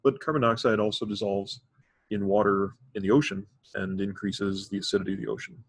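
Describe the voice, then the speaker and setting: A man's voice: lowish voice, fairly even intonation, brisk, creaky, breathy edge, dry recording. A man teaching a chemistry lesson, explaining methodically step by step with occasional fillers. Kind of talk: recorded classroom lecture.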